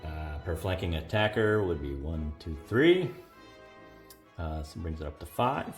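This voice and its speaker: A man with a fairly low voice talks through a board wargame turn on his own, tallying modifiers aloud and pausing on "uh"s. His voice rings around an echoey room, with faint music in the background. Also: expressive. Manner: thinking aloud, counting up modifiers with many "uh"s. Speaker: host of a board wargame playthrough. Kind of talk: solo tabletop game commentary.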